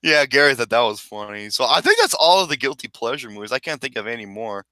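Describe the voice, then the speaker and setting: A man hosting a casual movie chat podcast, loud and excitable, swearing and laughing often. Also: mid-range voice, fast talker, no echo. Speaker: podcast host.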